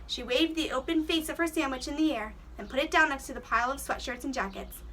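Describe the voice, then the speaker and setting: A woman's voice: sits high, fast, sharp tone, distant mic, a little hiss or hum. A woman teacher reading a children's storybook aloud, giving the characters voices and stopping to explain words to the kids.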